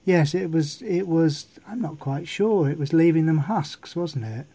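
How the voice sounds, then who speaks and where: Man, dry teasing wit, somewhat raised pitch, mellow tone, casual podcast chat. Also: animated, unhurried, slightly rough. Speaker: podcast co-host.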